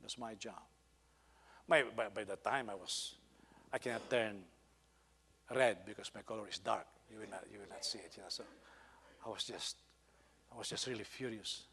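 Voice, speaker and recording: A man's voice: fairly low pitch, normal speed, long pauses, a bit bright, big-room sound. A man with a Filipino accent, a pastor telling a personal story in a sermon and rising into emphatic exhortation. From Philippines.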